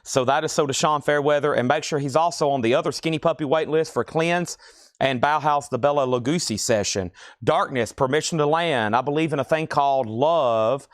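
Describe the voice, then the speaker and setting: Fairly high-pitched and fairly quick, a man speaks in a dry recording with clean studio sound. He runs a live-streamed record sale from a record store, keeping up casual sales patter as he lists album titles, prices and buyers' names.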